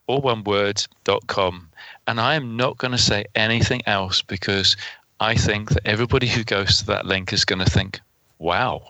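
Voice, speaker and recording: A man's voice: fairly low pitch, normal speed, vocal fry, bright, forceful tone, no echo, poor audio. A man on a panel, chatting in a polite, playful way. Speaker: panel guest. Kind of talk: casual panel chat.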